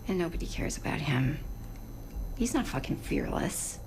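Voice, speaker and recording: Blunt woman sheriff, low-voiced. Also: big pitch swings, normal speed, over music. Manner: blunt, dry and cutting.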